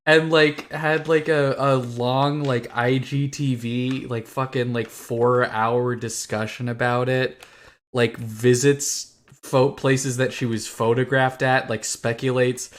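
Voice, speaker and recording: A young man co-hosts a podcast in a relaxed, casual way. His voice sits at a middle pitch, and his tone is wry and offhand, with the odd swear. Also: slow pace. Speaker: podcast co-host. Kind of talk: casual chat.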